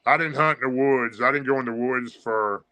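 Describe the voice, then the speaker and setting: A man tells a personal story as a guest, in a casual, rambling way full of pauses and restarts. His voice is very bright and sharp. His pitch sits in an average range. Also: clear, resonant tone, low-quality recording. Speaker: guest recounting encounters.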